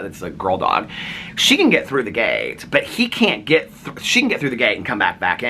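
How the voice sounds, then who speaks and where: A male vlogger with a lowish, sharp voice tells a long, casual story over slight background noise. He rambles with lots of "like" and other fillers, raising his voice to act out what others said.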